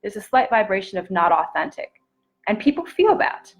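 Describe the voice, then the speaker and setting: Earnest, soft-spoken woman coach. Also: mid-range voice, big pitch swings, moderate pace, low-quality recording. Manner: earnest, intimate and encouraging, often drops to a soft near-whisper. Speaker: self-love coach. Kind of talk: live-streamed motivational talk.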